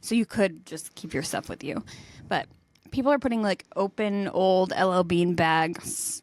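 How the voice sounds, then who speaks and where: A young adult woman co-hosting a podcast, telling stories in a lively way and laughing as she goes. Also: lowish voice, measured pace. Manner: animated storyteller, laughs mid-sentence. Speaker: podcast co-host. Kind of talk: casual chat.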